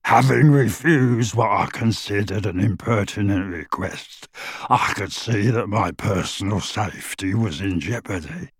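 A reader voicing a proud, deeper-voiced male goblin who speaks stiffly and formally, with a rough, less-than-human edge to his voice. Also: unhurried, no echo, exaggerated voice. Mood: haughty. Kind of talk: audiobook character voice.

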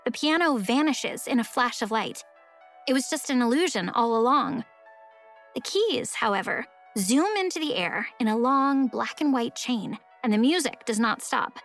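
A woman narrating a first-person story in a wry, expressive way. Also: a little high, normal speed, soft background music. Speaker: audiobook narrator.

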